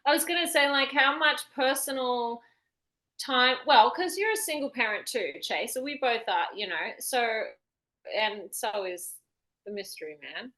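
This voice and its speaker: Giggly New Zealand woman, bright voice. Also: a little high, expressive, unhurried, poor audio. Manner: giggly, chatty, swears freely. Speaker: podcast co-host. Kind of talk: casual chat.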